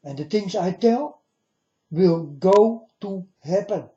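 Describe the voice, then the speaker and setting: A man's voice: sits high, expressive, takes it slowly, warm tone. A man speaking to his viewers in a solemn monologue, delivering warnings and often calling them "folks". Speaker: video blogger. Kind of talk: monologue to camera. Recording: dull lo-fi recording.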